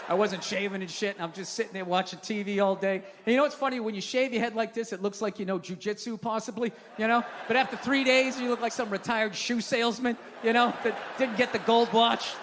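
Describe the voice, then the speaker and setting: A man in his fifties performing a profane stand-up rant, chatty and swearing, building to shouted punchlines on a live stage. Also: sits high, a little fast, hardly any pauses. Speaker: stand-up comedian. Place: live comedy venue stage. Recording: reverberant live venue, audience noise. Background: audience laughter.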